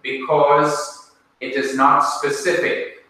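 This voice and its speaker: A man with a Jamaican accent teaching a language class in a classroom, speaking deliberately and quizzing his students with questions. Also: on the high side, completely flat delivery, pushed and bright. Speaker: Bible teacher. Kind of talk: classroom lecture. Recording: echoey room, mic far off.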